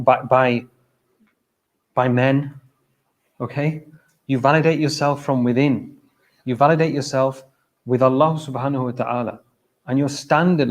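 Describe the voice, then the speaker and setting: A man's voice: medium pitch, a little mellow. A man giving an informal, conversational sermon at a mosque, addressing the congregation directly and often checking in with "okay?". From England. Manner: conversational, direct, frequent "okay?" and "look", brief laughs. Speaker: speaker at a mosque event. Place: mosque hall.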